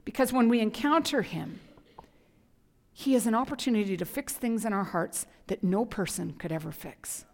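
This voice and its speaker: A woman pastor preaching a sermon with passion, dropping to whispers and rising to loud emphasis. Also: medium pitch, lively intonation, moderate pace, vocal fry. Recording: hall reverb.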